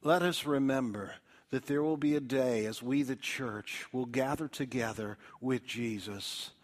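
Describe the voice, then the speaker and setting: Slow, emphatic preaching man. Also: mid-range voice. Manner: preaching with swells of emphasis and soft drops, addressing listeners as friends. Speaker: pastor. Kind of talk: sermon.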